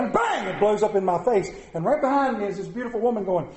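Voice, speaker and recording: A man's voice: high voice, fast talker, few pauses. A middle-aged man preaching a sermon to a room, telling stories and acting out the voices in them. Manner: storytelling, animated, acts out voices in anecdotes. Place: large room with audience. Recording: echoey room.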